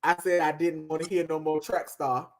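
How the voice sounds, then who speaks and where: A woman with a somewhat low voice co-hosts a podcast and reviews music in casual, chatty talk. She leans into her points with emphasis and lets some phrases trail off quietly. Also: level tone, moderate pace. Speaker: podcast co-host.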